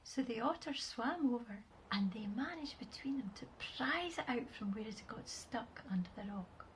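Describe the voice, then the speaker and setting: A woman telling a children's story, lively, often dropping to a whisper. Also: on the high side, normal speed, a little hiss or hum, low-quality recording.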